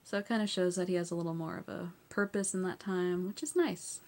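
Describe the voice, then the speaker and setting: A woman talks through a TV episode recap in an easygoing, chatty way, laughing often as she goes. Her voice sits fairly low and has a noticeable gravelly, creaky edge. She keeps filling her talk with casual "like" and "so yeah". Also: steady tone, fairly quick, few pauses, a little mellow.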